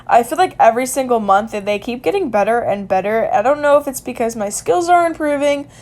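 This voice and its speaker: A woman's voice: on the high side, lively intonation, brisk, a little mellow. A young woman casually narrating a journal-drawing vlog in a chatty way, with lots of fillers and little laughs. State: hiccups. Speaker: vlogger.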